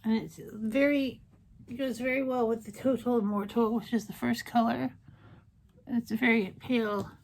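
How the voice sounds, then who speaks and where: A woman's voice: fairly high pitch, steady tone, moderate pace, gravelly, a little mellow. A woman makeup vlogger chatting casually through a tutorial, gushing about colors and tossing in jokey asides.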